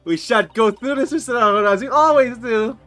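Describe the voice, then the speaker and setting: A man's voice: very high-pitched, brisk, a bit bright. A man voicing an earnest, polite young male defense lawyer from a video game.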